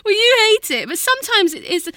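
A woman's voice: very high-pitched, sing-song, quick pace, sharp tone, no room sound, studio quality. A young woman co-hosting a podcast with her mother, giggly and rambling, often leaving sentences unfinished. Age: young adult. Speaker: podcast co-host. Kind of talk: casual chat.

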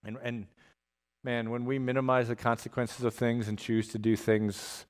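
A man preaching a sermon as a pastor, conversational and animated, often checking in with "right?" and dropping humorous asides. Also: medium pitch, normal speed. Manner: animated emphasis with asides and jokes.

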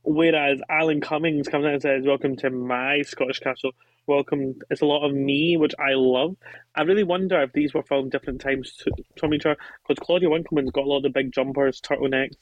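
A man guesting on a podcast, chatting in an animated, gushing way and acting out his own reactions. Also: a little high, a little fast, dry recording. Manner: animated, gushing, quotes himself with little gasps. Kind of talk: casual chat. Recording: dull lo-fi mic.

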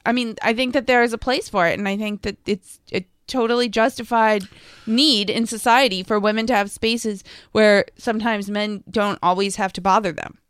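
A woman's voice: medium pitch, steady tone, normal speed, a bit bright, clear, resonant tone, no room sound. A woman co-hosting a podcast in casual chat, making her points plainly with dry, teasing asides. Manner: dry, teasing, pushes back with wry asides. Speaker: podcast co-host.

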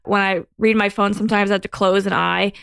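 A woman's voice: mid-range voice, brisk, creaky, clear, resonant tone, no room sound. A woman guest on a podcast, candidly telling a personal story in casual conversation. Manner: candid storytelling, animated when quoting herself.

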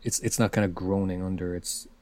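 A man's voice: low-pitched, fairly even intonation, fairly quick, darkish tone. A man co-hosting a casual film podcast, talking animatedly and repeating words as he builds his point. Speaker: podcast co-host.

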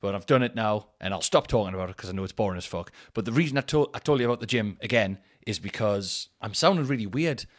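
A man chats alone into his podcast mic, sweary and animated. He rants with a lively voice that jumps up in pitch and loudness whenever something annoys him. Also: fast talker, few pauses. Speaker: podcast host. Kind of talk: casual solo chat. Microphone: headphones in, home podcast mic.

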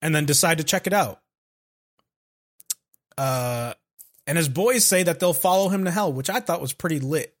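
A man with a voice pitched a bit high chats casually on a podcast, recapping an anime with crude jokes and acted-out character lines. He swears freely and keeps it loose. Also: expressive, moderate pace, pauses often. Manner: profane, joking, acts out characters' lines. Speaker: podcast co-host.

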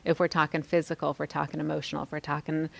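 A woman in her forties, a podcast host, reflectively sharing a personal faith testimony with a women's group, often pausing and dropping to a hushed near-whisper. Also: sits low, level tone, vocal fry. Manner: reflective, soft-spoken, pauses often.

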